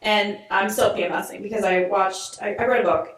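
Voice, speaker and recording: A young woman co-hosting a podcast, ranting in an animated, exasperated way with mild swearing, in casual chat. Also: mid-range voice, fairly quick. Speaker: podcast co-host. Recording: echoey, distant lo-fi remote recording.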